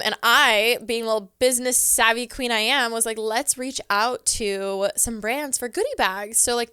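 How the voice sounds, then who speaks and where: A woman's voice: fairly high pitch, sharp tone, smooth, dry recording, clean studio sound. A young woman from Southern California, a podcast guest telling a story in a chatty way, full of "like" and acted-out quotes of herself. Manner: chatty, heavy on "like", acts out her own past lines. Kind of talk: casual storytelling. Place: podcast studio.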